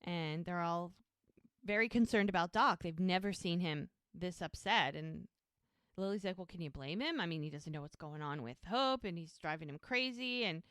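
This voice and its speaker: In a clean studio recording with no room sound, a woman with a fairly low pitch talks at a moderate pace. She's co-hosting a podcast, retelling show scenes in a relaxed recap and quoting the characters with animated delivery.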